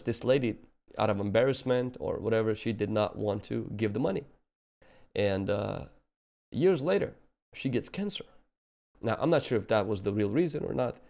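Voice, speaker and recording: A man's voice: medium pitch, expressive, normal speed, gravelly, darkish tone. A man preaching a sermon, telling personal stories and acting out the people he quotes in an earnest way. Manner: earnest, acts out quoted voices.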